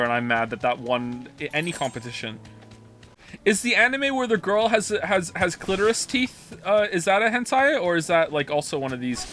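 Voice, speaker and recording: A male game streamer chatting to his viewers between play. His voice sits high and jumps around animatedly. He rambles, swears freely and reacts with incredulous disbelief. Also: sharp tone. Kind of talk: live game stream chat.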